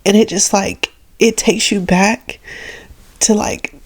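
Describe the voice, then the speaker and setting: A woman's voice: mid-range voice, steady tone, slow pace. A young woman in her twenties shares family memories in a casual storytelling vlog. Her mid-range voice is chatty and full of fillers. She sounds tearful and emotional as she speaks. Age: 20s. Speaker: vlogger.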